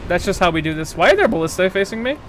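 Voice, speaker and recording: A man's voice: high-pitched, big pitch swings, rapid-fire, noisy background. A young man commenting live on his gameplay, yelping and pleading in danger and joking with sarcastic bravado. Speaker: streamer.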